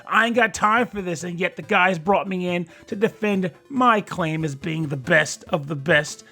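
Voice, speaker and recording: A man's voice: high-pitched, normal speed, pushed and bright, faint music behind, heavily acted. A man playing a trash-talking wrestler in a mock promo for a comedy commercial, brash and boastful. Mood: taunting.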